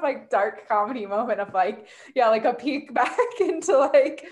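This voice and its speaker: A woman's voice: on the high side, lively intonation, normal speed, a little mellow. A young woman hosting a podcast, a bartender telling a story in casual chat, laughing often and filling her talk with "like". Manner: laughs often, many "like" fillers.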